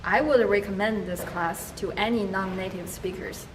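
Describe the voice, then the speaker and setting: A woman with a Chinese accent, a language student speaking carefully and deliberately in an interview testimonial. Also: steady tone. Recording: echoey room, mic at a distance, background rumble.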